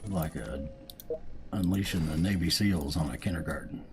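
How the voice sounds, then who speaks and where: A man's voice: very deep voice, moderate pace, background noise. A man casually commentating his gameplay, joking around and sometimes reading game lines in silly voices. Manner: joking, reads game dialogue aloud in goofy voices. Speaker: gaming video host.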